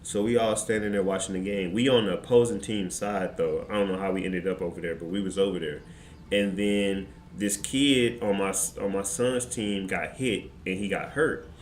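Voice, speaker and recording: A man streamer telling a story in casual, slangy, animated fashion. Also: low-pitched, normal speed. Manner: animated, slangy, excitable retelling. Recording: roomy with faint background noise.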